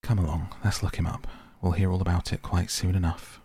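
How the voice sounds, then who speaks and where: A man voicing a good-natured male water rat who talks cheerfully and briskly in a storybook reading. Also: deep voice, little pitch movement, warm tone, husky, no echo. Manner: cheerful, brisk, easily indignant.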